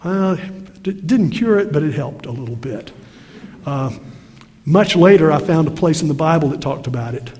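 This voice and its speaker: Older guy preaching, slightly high voice, folksy jokey stories, long hall echo. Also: animated, moderate pace, darkish tone. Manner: folksy storytelling with self-deprecating humor. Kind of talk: sermon. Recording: long reverb of a large hall.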